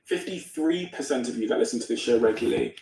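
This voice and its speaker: A man's voice: mid-range voice, expressive, fast, creaky, echoey room, a crowd in the background, low-quality recording. A man hosting a podcast, asking his guest direct, earnest questions and asking listeners to subscribe. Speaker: podcast host. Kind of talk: interview questions and show plug.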